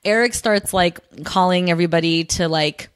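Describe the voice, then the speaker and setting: A woman's voice: moderate pace, smooth. A young woman co-hosting a casual podcast, chatting and recapping a TV episode, filling her talk with "like" and acting out the characters' lines. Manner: chatty, lots of "like", acts out characters' lines in a higher voice. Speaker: podcast co-host.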